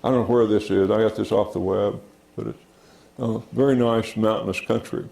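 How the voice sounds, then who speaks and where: A man lectures from his slides in a roomy, echoing hall. His voice is dark and gravelly, and he speaks haltingly, with many fillers. He keeps calling out "next" to move on to the next slide. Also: lowish voice, steady tone. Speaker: geology lecturer.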